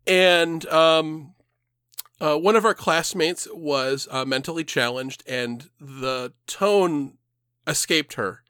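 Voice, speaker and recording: A man's voice: on the high side, slow pace, bright, forceful tone, smooth, dry recording, clean studio sound. A man telling a long, rambling story in casual chat, swearing freely and laughing as he goes.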